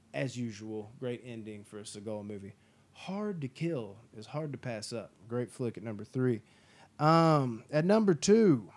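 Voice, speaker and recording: A man hosting a casual movie review chat, enthusiastic and profane, acting out scenes in quick impressions. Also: mid-range voice, darkish tone. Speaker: podcast host.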